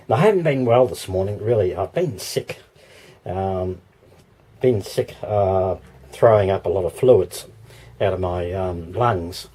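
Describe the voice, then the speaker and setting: Australian man, hoarse, rambling vlog talk, deep voice, outdoor noise behind. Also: a little slow, dark tone. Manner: rambling, with many ums and little laughs. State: hoarse, losing his voice. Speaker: vlogger. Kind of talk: casual vlog chat. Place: walking outdoors.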